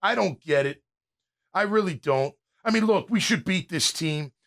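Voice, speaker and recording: A man's voice: high-pitched, animated, moderate pace, a bit bright. A man in his fifties, a former pro player hosting a sports talk show, ranting in a fired-up way and often restarting his sentences. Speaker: podcast host and former pro linebacker.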